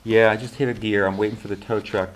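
A man reading the lines of a shaken middle-aged woman stranded after a car accident, in a quiet, understated way. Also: fairly low pitch, fairly even intonation, quick pace, slight background noise, natural voice.

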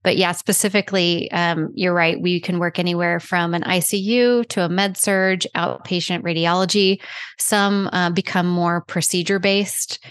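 Texan lady guest, kinda low voice, explains stuff w lots of ums, dry close sound. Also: fairly even intonation, normal speed, fairly bright tone, no echo. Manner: explanatory, frequent ums, laughs easily. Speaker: child life specialist guest. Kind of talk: casual interview talk.

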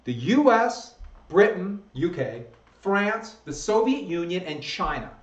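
A man's voice: sits high, big pitch swings, takes it slowly. A man teaching history from slides, talking casually and correcting his own slips as he goes. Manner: conversational, self-correcting, chuckles at own slips. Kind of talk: recorded slideshow lecture. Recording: echoey room, dull lo-fi sound.

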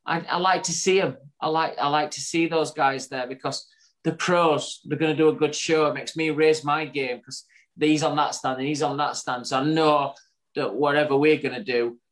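A man's voice: a little high, steady tone, normal speed, a bit bright. A man, co-hosting a podcast in casual chat and wrapping up the episode with an upbeat summary. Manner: chatty, upbeat, wraps up with a summary. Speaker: podcast co-host.

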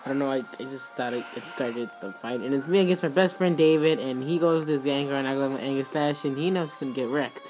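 A young man giving excitable, rambling commentary on a game he played, with sudden outbursts. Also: mid-range voice, fast talker, few pauses. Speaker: gaming YouTuber. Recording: faint music behind.

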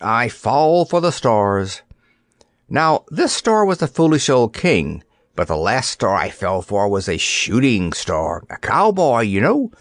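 Man playing a talking stunt dummy, male, wheezy, smug, pitched up high, storybook reading, dry close sound. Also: sing-song, measured pace, dry recording. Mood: complacent. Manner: wheezing, breezy and self-satisfied.

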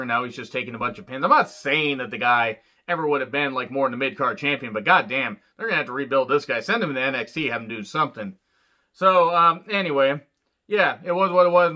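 A man's voice: medium pitch, bright, forceful tone. A man giving a casual, profane, sarcastic rant reviewing a show, rambling loosely as he talks. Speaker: wrestling reviewer. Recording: dull lo-fi sound.

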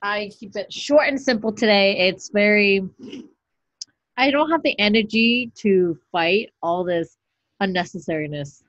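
A woman podcast co-host in casual chat, ranting in an exasperated, animated way. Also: medium pitch, unhurried, dry recording, highs cut off.

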